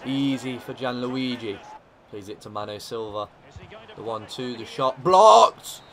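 Bright-voiced excitable young Englishman. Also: medium pitch, a little slow. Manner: excitable, shouting at big moments, dry asides. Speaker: gaming YouTuber. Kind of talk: commenting over a football video game.

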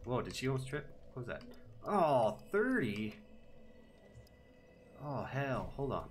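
A man streaming a video game live, excitably yelling at enemies and thanking his viewers. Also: mid-range voice, slow pace, slight background noise. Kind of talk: live gameplay stream commentary.

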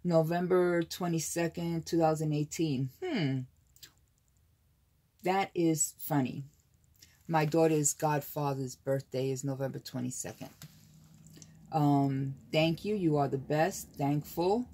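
An older American woman hosts a relaxed crafting unboxing, gasping and gushing with delight over papers. Her voice is low and dark, her intonation fairly even, and she takes her time.

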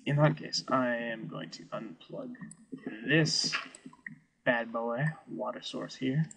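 A man's voice: mid-range voice, takes it slowly, vocal fry, fairly bright tone, a little hiss or hum, low-quality recording. A man giving wry, musing commentary over a video game he is playing. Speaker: let's play host. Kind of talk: gameplay commentary.

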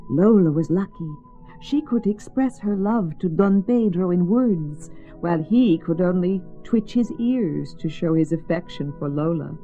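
A woman gently and expressively reading a children's story aloud, in a slightly muffled lo-fi recording. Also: lowish voice, lively intonation, measured pace. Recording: slightly muffled lo-fi with faint music.

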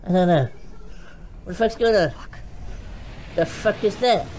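A woman host giving foul-mouthed, excitable let's play commentary, shouting insults at the game. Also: lowish voice, a little slow, a little hiss or hum, rough recording. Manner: excitable, frequent panicked outbursts. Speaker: gaming channel host.

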